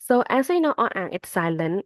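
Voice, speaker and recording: A native Thai speaker with a Thai accent teaches a self-paced online Thai lesson, slowly and patiently sounding out syllables one by one. Her lowish voice swings widely in pitch, and the recording is dry.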